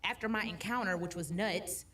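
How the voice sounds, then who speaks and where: A woman's voice: mid-range voice, moderate pace, a bit bright, far from the mic, slight background noise. A woman telling her faith story as a podcast guest, emphatic, repeating phrases, heard in a played clip.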